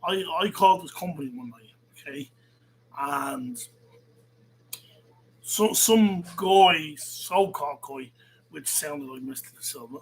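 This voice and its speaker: A man's voice: high voice, lively intonation, slow, vocal fry, pauses often, a little hiss or hum, rough recording. A man hosting a show, ranting profanely and sarcastically as he reacts to a rival's video. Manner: combative, sarcastic, swears a lot. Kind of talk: profane heated rant.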